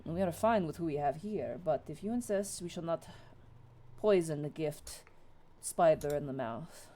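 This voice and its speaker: A woman's voice: low-pitched, animated, normal speed, dark tone. A woman voicing a wary male drow sentry in a tabletop game, with a clipped, guarded delivery. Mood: curt.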